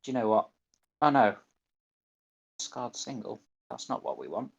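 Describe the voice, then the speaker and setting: A man's voice: medium pitch, very animated, moderate pace, vocal fry, slightly rough, muffled recording. A man with a Northern English accent giving live gameplay commentary, muttering to himself and reading game menu options aloud. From northern England. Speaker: gaming streamer.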